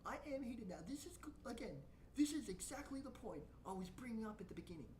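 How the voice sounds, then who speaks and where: A woman's voice: a little high, very animated, quick pace, mellow, roomy sound, distant mic, a little hiss or hum. A woman VTuber streamer giving blunt, profane reaction commentary and ranting at what she watches.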